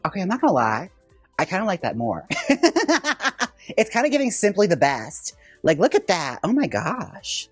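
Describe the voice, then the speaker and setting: A male drag queen host with a high, husky voice chats at normal speed while styling a wig in a casual vlog. His patter is campy, sassy, and animated, with soft music playing in the background.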